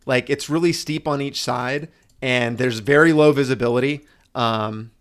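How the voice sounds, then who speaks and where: A man's voice: mid-range voice, moderate pace, clear, resonant tone. A man chatting casually on a live stream as a motorcycle streamer, rambling and swearing, with frequent restarts. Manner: rambling, profane, restarts often.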